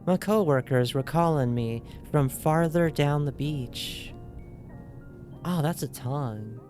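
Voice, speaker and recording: A woman's voice: low-pitched, slow pace, darkish tone. A woman streaming a video game, reading its text aloud in a loose put-on accent and joking with her viewers in a playful, giggly way. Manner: puts on a loose, inconsistent accent. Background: faint game music.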